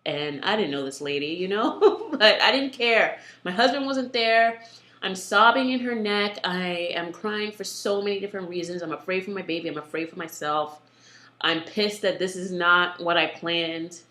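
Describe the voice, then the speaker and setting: A young woman tells her own birth story in a candid, blunt and animated way. Her voice sits fairly low yet sounds bright and forceful. The recording carries a roomy echo. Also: moderate pace. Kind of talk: emotional personal storytelling.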